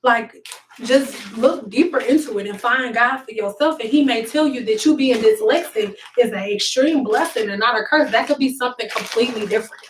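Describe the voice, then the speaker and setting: A young woman gives her viewers an emphatic, repetitive pep talk that is laced with cussing. Her voice sits a little high. She sounds echoey and set back from the camera, as if she is recording in a room at home. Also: a little fast, distant mic, slight background noise. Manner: emphatic, preachy, repeats herself, cusses. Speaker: beauty vlogger. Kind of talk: casual motivational talk to viewers.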